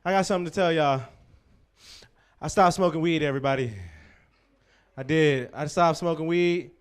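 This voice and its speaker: A man's voice: fairly high pitch, normal speed, clean tone. A man hosting a live comedy show, telling loose, profane stories and working the crowd. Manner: loose, profane, rambling storytelling with crowd work.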